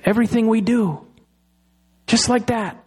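A middle-aged man delivers a sermon as a pastor, his voice sitting high for a man. He leans on dramatic pauses and draws out the key phrases slowly. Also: steady tone, husky.

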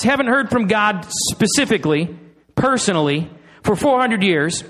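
Middle-aged guy preaching, kinda high voice, slows way down on the big lines. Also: lively intonation, fairly bright tone. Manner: dramatic pauses, slowing on key phrases. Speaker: pastor. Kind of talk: sermon.

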